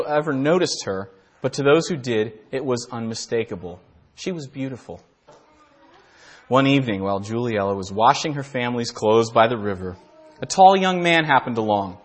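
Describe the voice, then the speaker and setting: A man teaching a Bible lesson, reading his own fairy tale aloud in a quiet storytelling way and clearing his throat now and then. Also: mid-range voice. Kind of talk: sermon with a read-aloud story.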